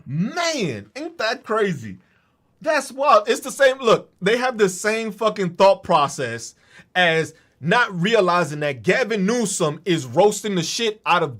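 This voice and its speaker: A man's voice: high-pitched, fairly bright tone. A man hosting a podcast, delivering a profane, mocking political rant. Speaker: podcast host. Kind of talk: ranting political monologue.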